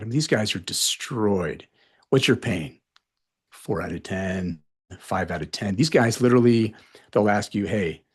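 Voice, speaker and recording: Blunt, animated man telling ER stories. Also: on the low side. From North Carolina. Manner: blunt, animated, acts out quoted exchanges. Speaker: emergency physician guest. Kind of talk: podcast interview storytelling.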